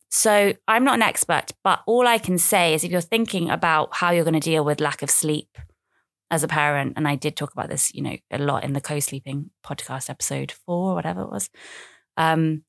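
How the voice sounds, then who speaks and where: A woman's voice: sits low, fairly even intonation, moderate pace, gravelly, dry recording, clean studio sound. A woman, talking casually and at length on her own podcast, rambling with self-mocking asides. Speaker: podcast host. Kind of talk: casual solo podcast chat.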